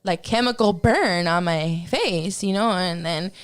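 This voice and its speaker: A woman's voice: fairly low pitch, a little slow. A woman guest on a podcast telling a personal story in casual, profane talk, acting out her own reactions as she goes.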